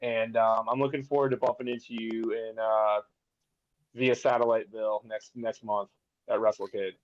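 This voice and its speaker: A man joining a wrestling podcast as a remote guest, relaxed and laughing easily as he chats. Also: fairly low pitch, normal speed, no room sound, lo-fi sound. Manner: relaxed, laughs easily, fantasy-booking enthusiastically. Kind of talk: casual wrestling podcast chat.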